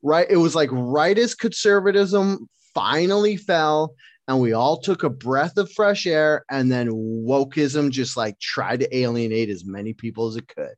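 Male co-host, mid-pitched, loose and profane, relaxed banter, dry close recording. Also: unhurried, no room sound, lo-fi sound. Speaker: podcast co-host. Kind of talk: casual chat.

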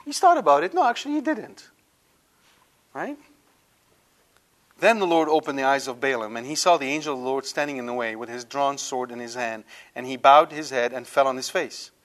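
A man teaching a Catholic Bible lesson in an animated way, full of rhetorical questions. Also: medium pitch, brisk. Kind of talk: Bible study lecture.

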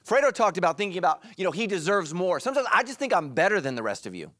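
A middle-aged male pastor preaching with a high, bouncing voice that leaps up and down. He jokes with the congregation and slips into quick put-on voices. The sound is close and dry. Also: no echo. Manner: animated and joking, acts out quick quoted voices. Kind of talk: energetic sermon. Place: church.

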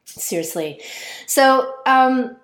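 Woman ranting hard, sweary and sarcastic, kinda high voice, echoey room. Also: animated, very slow. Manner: profane, sarcastic, mocking; mimics others in high whiny voices. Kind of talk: ranting monologue.

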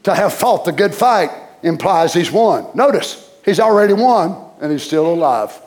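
A man preaching a sermon, passionate, swinging from shouts down to whispers. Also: high-pitched, lively intonation, normal speed.

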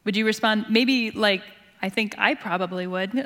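A woman pastor preaching a sermon in an earnest, expressive storytelling manner, dropping to a hushed voice at tender moments. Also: mid-range voice, normal speed. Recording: long hall reverb.

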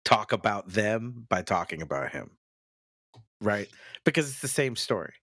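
A man's voice: lowish voice, unhurried, dry recording, studio quality. A man co-hosting a podcast, telling self-mocking stories in casual banter. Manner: self-mocking, animated storyteller. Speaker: podcast co-host.

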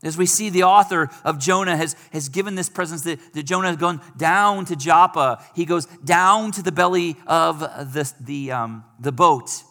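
Bright-voiced preacher in a reverberant hall. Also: male voice, fairly high pitch, moderate pace, hardly any pauses. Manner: conversational preaching, rising for quoted pleas. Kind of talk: sermon.

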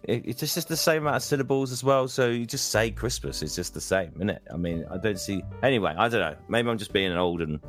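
Chatty English man, lowish voice. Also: animated, quick pace, few pauses, faint music behind. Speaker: podcast co-host. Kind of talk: casual chat.

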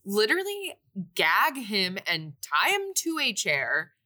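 A woman co-hosting a podcast, casually recapping a movie's plot with lively quoted lines. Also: mid-range voice, takes it slowly. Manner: animated retelling with quoted voices. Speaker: podcast co-host.

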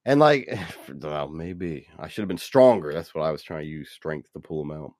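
A man's voice: extremely low pitch, big pitch swings, darkish tone, no room sound, clean studio sound. A young man on a podcast, swearing and joking as he tells how he got a game moment wrong. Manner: quick reactions, swearing, joking. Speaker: podcast co-host. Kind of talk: casual chat.

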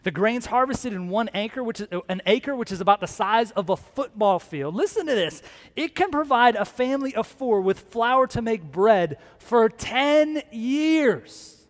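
A man preaching a lively sermon to a congregation, acting out other people's voices. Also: extremely high pitch, a little slow. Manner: animated, acts out voices of disciples. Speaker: pastor. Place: large room with a congregation. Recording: long hall reverb.

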